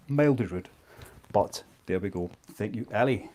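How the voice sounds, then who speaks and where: A man's voice: on the low side, expressive, normal speed, noisy background. A man, chatting casually as he auctions books on a live stream, joking at his own expense. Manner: chatty and self-mocking. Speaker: online book seller.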